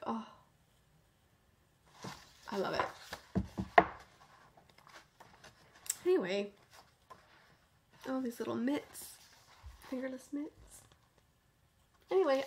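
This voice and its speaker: A woman hosting a knitting podcast in casual chat, gushing with enthusiasm and often dropping to a soft near-whisper. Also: a little high, vocal fry, background noise.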